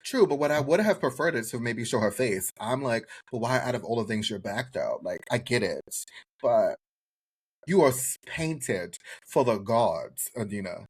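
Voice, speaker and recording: A man co-hosting a casual chat podcast, his pitch leaping up and down as he jokes around. His voice has a husky, slightly raspy edge, and he keeps the talk loose and animated. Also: normal speed. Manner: animated, jokey, does exaggerated voices for quoted people. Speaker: podcast co-host. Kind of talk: casual chat reviewing a TV show.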